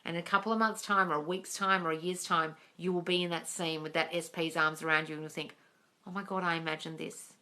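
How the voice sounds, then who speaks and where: Fairly low in pitch, her voice stays steady, bright and forceful, moving quickly with hardly any pauses. During a livestreamed Q&A she coaches viewers on manifesting, addressing them directly as darling and guys. A phone captures the audio.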